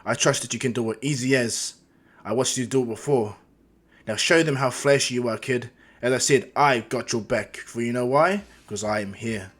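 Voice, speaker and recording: A man voicing a confident adult male superhero mentor in a fan-made story, loud and encouraging. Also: medium pitch, normal speed, lightly acted. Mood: reassuring.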